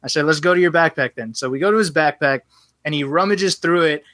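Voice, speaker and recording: A man's voice: on the high side, quick pace, dry recording. A man on a podcast, casually telling a long story and acting out both sides of the dialogue. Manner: animated, acts out both sides of quoted dialogue. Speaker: podcast guest.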